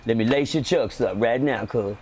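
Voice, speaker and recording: A man voicing his old friend from prison, a calm and protective man with a lower voice. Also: normal speed, slight background noise, lightly acted.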